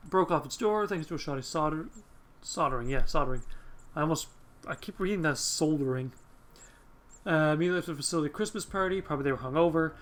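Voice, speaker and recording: A man's voice: a little high, fast, fairly bright tone. A man hosting a let's play, chatting casually with rambling asides and the odd swear. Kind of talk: casual gameplay commentary.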